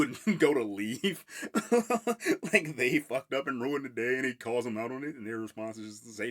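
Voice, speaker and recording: A man's voice: medium pitch, moderate pace, fairly bright tone. A man hosting a casual solo podcast review of a film, rambling, laughing often and swearing freely. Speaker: podcast host.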